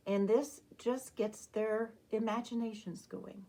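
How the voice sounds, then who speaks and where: A woman music teacher, possibly middle-aged, patiently explaining a lesson to other teachers. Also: a little mellow. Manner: slow, patient explanation that breaks into sung, high-pitched demonstrations. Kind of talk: instructional talk to teachers.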